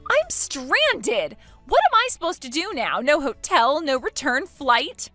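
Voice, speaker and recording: A shrill, entitled young woman, put on by a female narrator, her voice climbing high and swinging wildly as she protests. Each line comes out whiny and outraged. Soft music plays faintly underneath. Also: big pitch swings, measured pace, no room sound, heavily acted.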